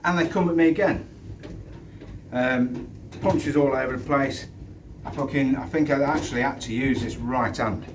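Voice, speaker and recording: A man's voice: mid-range voice, normal speed. Blunt, sweary former doorman outdoors. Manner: blunt, sweary, stop-start storytelling. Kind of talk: casual storytelling to camera. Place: outdoors in the wind. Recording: distant mic with wind noise.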